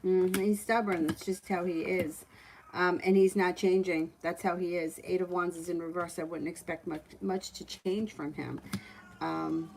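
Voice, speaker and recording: A woman giving casual tarot readings on a livestream from home, with a relaxed, matter-of-fact manner. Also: on the low side, moderate pace, gravelly, slight background noise, low-quality recording. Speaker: tarot reader.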